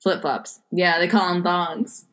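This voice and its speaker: American woman quizzing her friend on slang, teasing, gives example sentences, lowish voice. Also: level tone, unhurried, a bit bright. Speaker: quiz giver in a word game. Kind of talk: casual chat.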